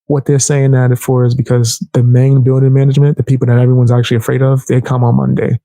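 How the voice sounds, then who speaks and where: Gravelly man telling a heated story. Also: medium pitch, fast, dry recording. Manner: animated, acts out quoted people in a raised voice. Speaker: storyteller vlogger. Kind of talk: casual storytelling rant.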